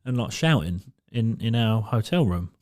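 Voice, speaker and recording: A man in casual podcast chat, telling a story with energy. His voice swings freely between high and low, and he puts on voices for the people he quotes. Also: normal speed. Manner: animated storytelling, acts out other people's voices. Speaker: podcast co-host.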